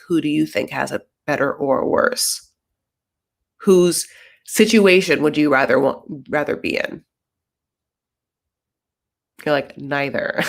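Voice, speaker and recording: Low-voiced woman, chatty and sarcastic. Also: creaky. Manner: chatty, sarcastic, rambling with lots of "like". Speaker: reality TV recap commentator. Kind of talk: casual commentary.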